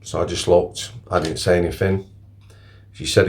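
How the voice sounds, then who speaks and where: A man talks in a deep, low register. He tells his stories bluntly and plainly, wandering from one anecdote to the next in a casual monologue. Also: steady tone, normal speed, darkish tone. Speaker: former prison officer telling stories.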